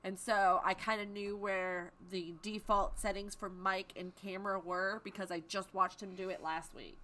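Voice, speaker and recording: A woman's voice: mid-range voice, little pitch movement, normal speed, bright, forceful tone. A woman hosting a live stream from home, chatting casually and greeting viewers by name. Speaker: livestream host.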